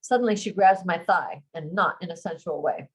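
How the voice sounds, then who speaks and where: A woman author reading her own romance novel aloud in steady, unhurried narration. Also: fairly low pitch, breathy edge, low-quality recording.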